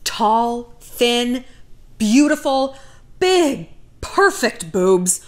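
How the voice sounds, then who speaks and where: A woman in her thirties talks straight to camera as a vlog host, blunt and sarcastic, with swearing. Her voice sits a little high and swings widely up and down as she tells her story. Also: sing-song, extremely slow. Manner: blunt and profane, dry sarcasm.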